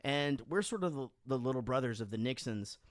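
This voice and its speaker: A man co-hosting a casual podcast in his home studio, joking and excitable as he banters and talks over his co-host. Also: mid-range voice, brisk, no echo. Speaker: podcast co-host and band member. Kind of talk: casual drunken podcast chat.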